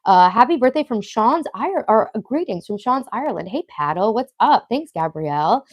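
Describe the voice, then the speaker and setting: A woman's voice: fairly high pitch, big pitch swings, normal speed, no room sound, lo-fi sound. Woman, late 30s, Long Island accent, live stream host, chatty, profane, dry sound. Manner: chatty, profane, reads viewer comments aloud. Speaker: livestream host. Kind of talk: casual live stream chat.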